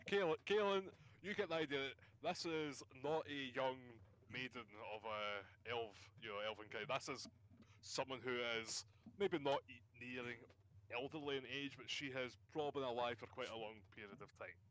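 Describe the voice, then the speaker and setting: A man runs a tabletop game as game master and describes the scene to his players. He rambles, restarts his sentences and talks in an easygoing, mid-pitched voice. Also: normal speed, fairly bright tone. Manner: rambling, full of restarts and fillers.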